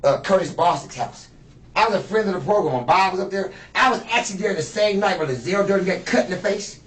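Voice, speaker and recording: Fast, high-pitched and a bit bright, a man in his fifties talks animatedly as an interrogated suspect, rambling and full of boasts and profanity. The interrogation room echoes, the mic sits far away, and faint noise runs underneath.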